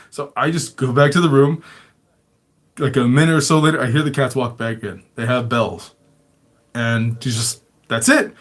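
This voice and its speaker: Man host with a mid-range voice, loose and profane, laughs through his own stories. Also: medium pitch. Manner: profane, swears constantly, chuckles often. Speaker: show host. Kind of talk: casual storytelling.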